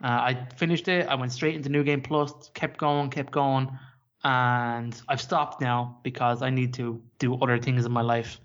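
A man's voice: medium pitch, little pitch movement, moderate pace, a bit bright. A man co-hosting a gaming podcast, rambling along in loose, unscripted chat. He swears freely as he talks. His audio is dull and lo-fi. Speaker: podcast co-host. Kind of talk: casual chat.

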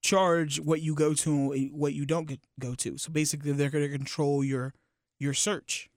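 A young man co-hosting a podcast, talking casually and explaining things haltingly, with many restarts. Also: on the high side, little pitch movement, dry recording, studio quality. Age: young adult. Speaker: podcast co-host. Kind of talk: casual chat. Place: radio building studio.

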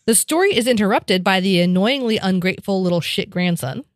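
A woman's voice: mid-range voice, expressive, a little fast, noisy background. A woman co-hosting a casual podcast, reading a list aloud with wry asides and frequent laughs, recorded indoors. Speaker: podcast co-host.

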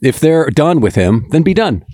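A man co-hosting a comedy podcast who talks in a relaxed, casual way and chimes in with short agreements. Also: fairly high pitch, normal speed, no echo, studio quality. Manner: laid-back, agreeing with short backchannels. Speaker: podcast co-host. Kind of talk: casual political podcast chat.

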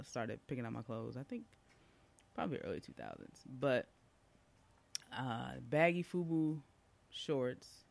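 A man with a medium-pitched voice and vocal fry casually tells a personal story as a podcast speaker. He is chatty and warm-hearted, full of asides and fillers.

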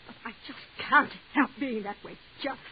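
An actress playing a jealous, desperate wife who pleads in a breathless, overwrought way, in 1940s radio acting style. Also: female voice, on the high side, a little fast, close to an everyday voice. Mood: pleading. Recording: tinny old radio broadcast with hiss.

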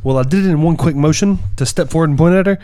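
A young man with a drawl rattles off stories at a brisk clip in a slightly raised voice. He talks loose and profane, acting out each part of the tale. The sound is dry and close. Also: fairly high pitch, clean tone, no room sound. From Tennessee. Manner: profane storyteller, animated retelling. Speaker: podcast co-host. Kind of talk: casual chat.

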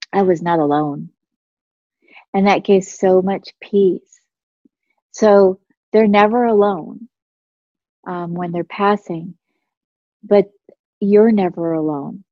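A woman's voice: medium pitch, steady tone, slow, long pauses, no room sound, narrow, tinny audio. A middle-aged woman casually sharing stories of her spiritual experiences as a guest, in a chatty, meandering way with fillers and restarts. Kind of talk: casual storytelling chat.

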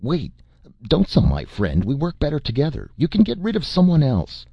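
A man's voice: lowish voice, big pitch swings, measured pace, vocal fry, breathy edge, dry recording, dull audio, heavily acted. A man reading the lines of a resourceful captive stranger who speaks in urgent, probing questions.

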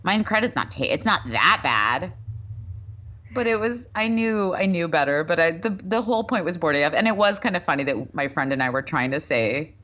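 A woman co-hosting a podcast, telling a story in a casual, animated way and acting out the voices of the people in it. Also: lowish voice, normal speed, lo-fi sound. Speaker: podcast co-host. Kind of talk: casual chat. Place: Los Angeles.

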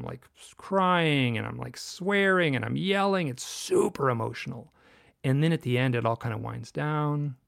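A middle-aged man, a guest author, tells a personal story in an earnest, halting way with many restarts. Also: medium pitch, creaky. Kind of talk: casual interview storytelling.

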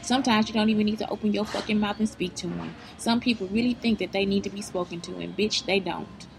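A woman's voice: mid-range voice, fairly even intonation, quick pace, creaky, background noise. A woman giving blunt, profane motivational advice straight to her viewers, in a preachy vlog style. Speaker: vlogger giving life advice.

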